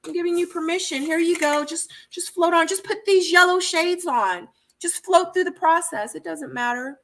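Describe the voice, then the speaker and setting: A woman's voice: extremely high pitch, normal speed, fairly bright tone, pitched above the performer's own voice. A woman voicing a young woman who coaxes her boyfriend, speaking in a sing-song, repetitive way. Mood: coaxing.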